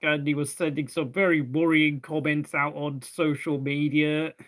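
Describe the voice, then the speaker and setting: Hosting a live race watchalong, this young man speaks at a moderate pace in a fairly high, bright voice with little pitch movement. He keeps things casual, rambling to fill time between race updates.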